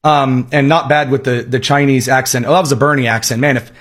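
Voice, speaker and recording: A man's voice: mid-range voice, fairly even intonation, a little fast, fairly bright tone. A man hosting a political talk radio show, giving sarcastic, emphatic commentary, his voice a bit worn tonight.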